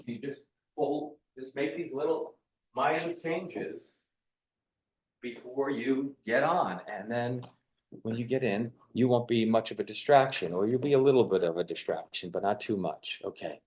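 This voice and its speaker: A man co-hosting a webinar, giving relaxed, loosely rambling advice over a video call with a clip-on mic. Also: medium pitch, a little slow. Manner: relaxed, rambling, hesitant with fillers. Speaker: co-host, media coach. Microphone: lavalier on a video call.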